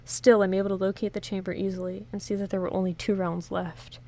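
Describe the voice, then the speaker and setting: A woman's voice: mid-range voice, flat delivery, fast talker, dark tone. A woman reads an interactive story game aloud in first person, giving the narration a dramatic push. She stops now and then to chat and joke with her viewers before going back into the story. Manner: reads dramatically, breaks off for chatty, joking comments.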